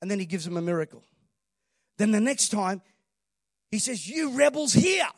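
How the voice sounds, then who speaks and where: A man's voice: high-pitched, normal speed, no echo, clean studio sound. A man preaching a sermon, emphatic and calling on the congregation to respond. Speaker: pastor.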